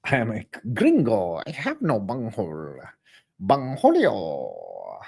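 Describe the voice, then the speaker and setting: A man voicing a manic cartoon teenage boy who makes loud, ranting proclamations. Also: fairly low pitch, huge pitch swings, slow, vocal fry, slightly rough, pitched below the performer's own voice, full character voice. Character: manic cartoon teen boy alter ego.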